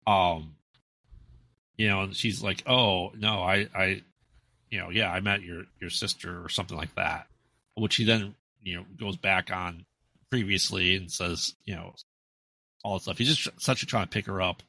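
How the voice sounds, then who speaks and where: An American man with a deep, bright-edged voice rambles through a movie recap on a podcast, full of fillers and restarts. The recording is dry and close, with no room sound. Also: moderate pace, gravelly, husky, no room sound. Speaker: podcast co-host. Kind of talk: casual movie recap chat.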